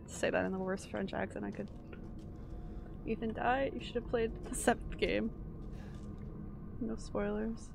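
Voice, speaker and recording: A woman's voice: medium pitch, steady tone, unhurried, creaky, long pauses, background noise. A woman streaming a horror game live, jumpy and reacting aloud while she chats with viewers. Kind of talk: live gameplay commentary. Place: home room.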